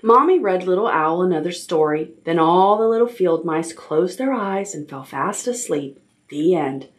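A woman librarian reads a picture book aloud at toddler storytime in a library. Her voice sits a little low, and she tells the story gently and expressively. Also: animated, moderate pace. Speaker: children's librarian.

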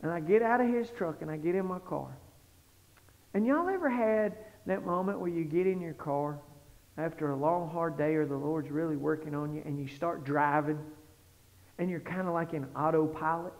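A man preaching a sermon, telling stories animatedly and swinging from hushed tones to shouting. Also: a little high, normal speed. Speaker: pastor. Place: church sanctuary. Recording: lo-fi sound with long hall reverb.

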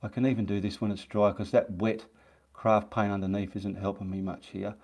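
A painting instructor with a lowish, level, slightly mellow voice speaks briskly during a live demo in his indoor home studio. Casual and chatty, he talks as he works and mutters to himself between steps.

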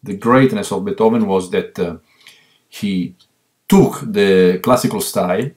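A man with an Italian accent, Italian his first language, a violist guest in a remote interview, talking haltingly with many fillers and repeated words. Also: lowish voice, a little mellow. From Italy. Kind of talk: interview over a remote line.

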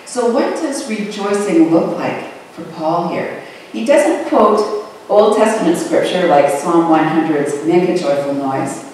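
Slow, measured preacher in an echoing sanctuary. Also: mid-range voice, slight background noise. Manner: measured, with slow drawn-out emphasis on key words. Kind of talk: sermon. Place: large church sanctuary. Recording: echoey hall, voice from far off.

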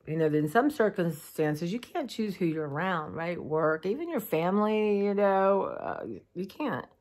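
A woman with a drawl speaks in a low, weary voice, close to her camera. She rambles warmly with plenty of "um"s and "you know"s, sounding worn down by allergies and fatigue. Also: lively intonation, a little slow. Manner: tired, heartfelt, rambling with many fillers. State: tired, allergies, clearing throat. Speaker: vlogger. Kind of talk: casual personal vlog. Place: dim room at home.

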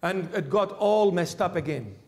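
A male bishop preaching in a church with a notably high voice. He tells his story in an animated, conversational way, acting out the speakers he quotes, and drops to a low hush to get attention. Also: normal speed. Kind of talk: sermon storytelling.

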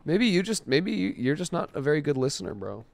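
A young man streaming a game with a friend, excitable, yelping and swearing as he plays. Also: a little high, brisk, creaky. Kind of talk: casual gaming chat.

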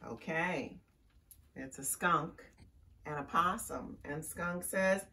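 A woman's voice: sits low, recorded from a distance. A woman librarian reading a picture book aloud to young children, chatty and asking them questions. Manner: slow, lively and chatty with young listeners.

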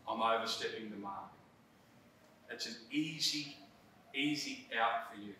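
A man's voice: medium pitch, unhurried, long pauses, pushed and bright. A middle-aged man presenting a coaching workshop in a conversational, emphatic way, often checking in with "right?". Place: presentation room. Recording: roomy hall, distant mic, faint noise.

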